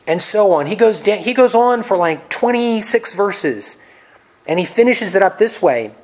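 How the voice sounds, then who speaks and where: Earnest male preacher delivering a sermon; swings between ringing scripture reading and hushed, whispered asides. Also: high voice, animated, unhurried, rough recording.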